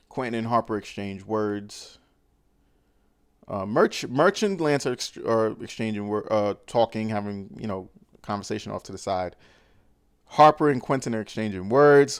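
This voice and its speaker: A man's voice: on the low side, clean tone, no echo. A man hosting a podcast, recapping a film in a loose, slangy way with lots of fillers and restarts. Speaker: podcast host. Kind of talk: casual movie recap.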